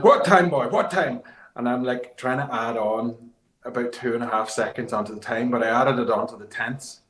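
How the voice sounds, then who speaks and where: A man, a rally competitor, guest in a casual interview, telling lively rambling anecdotes. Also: mid-range voice, reverberant, low-quality recording.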